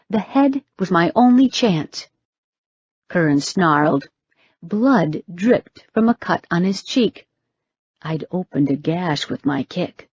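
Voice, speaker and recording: A woman narrating a first-person fiction audiobook with wry, brisk storytelling. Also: mid-range voice, breathy edge, no room sound. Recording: slightly dull, dry recording.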